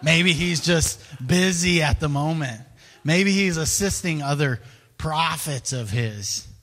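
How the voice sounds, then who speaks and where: A man's voice: a little high, lively intonation, slow pace, a bit bright, big-room sound, exaggerated voice. A man voicing a cocky ancient prophet who teases sarcastically. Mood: teasing. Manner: teasing, sarcastic.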